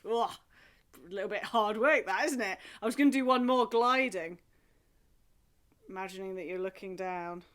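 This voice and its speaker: A woman leading a remote singing lesson from home, talking in a gentle, encouraging, chatty way with playful asides. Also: mid-range voice, moderate pace, pauses often. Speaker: singing group leader. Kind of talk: friendly remote group singing and movement lesson.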